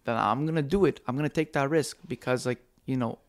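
A young man co-hosts a casual podcast and talks quickly, his words tumbling out one after another. He tells his stories with animation and jumps into the voices of the people he quotes. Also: mid-range voice, dry recording, clean studio sound. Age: young adult. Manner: animated storyteller who acts out quoted voices. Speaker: podcast co-host. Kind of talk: casual chat.

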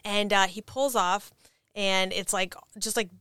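A woman comedian spins a long personal story in a podcast chat, rambling, swearing freely and leaning on constant fillers. Her voice is clear and smooth at a middle pitch, and the sound is dry and close with no room ring. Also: fairly even intonation, measured pace, bright, forceful tone, no room sound. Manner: rambling, filler-heavy and profane. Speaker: comedian guest.

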